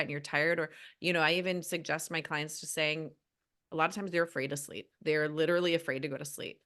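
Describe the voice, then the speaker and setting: On a casual podcast, a woman who works as an animal healer talks in a somewhat low, heartfelt voice. She's earnest and gentle, and she often breaks off mid-sentence to start over.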